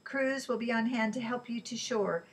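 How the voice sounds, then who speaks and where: A woman reading aloud, voicing a determined male leader giving steady, urgent commands. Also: fairly high pitch, moderate pace, natural voice.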